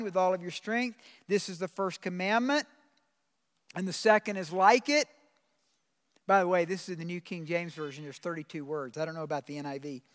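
High-voiced man preaching in a reverberant hall. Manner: earnest preaching, reads scripture aloud, slows down to stress phrases. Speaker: pastor. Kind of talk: sermon. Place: church sanctuary with congregation. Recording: long reverb of a large room.

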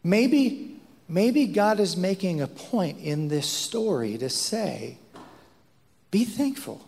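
A man delivers a sermon in a slow, unhurried way, his pitch swinging widely as he acts out the voices in his story. His voice sits a little high for a man. A long reverb trails behind every word, like a large church hall. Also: gravelly, slight background noise. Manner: animated storytelling preacher, acts out quotes, repeats words. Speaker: pastor.

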